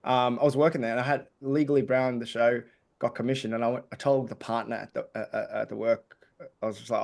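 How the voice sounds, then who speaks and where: An Australian comedian, guesting on a casual podcast interview, tells stories at a quick pace in a mid-range voice. He's chatty, tossing jokey asides into his storytelling.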